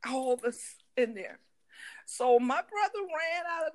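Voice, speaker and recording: A woman with a Southern US country accent, co-hosting a podcast and telling a story in lively, casual chat. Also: high voice, slow pace. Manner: animated, acts out voices in her stories. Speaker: podcast co-host.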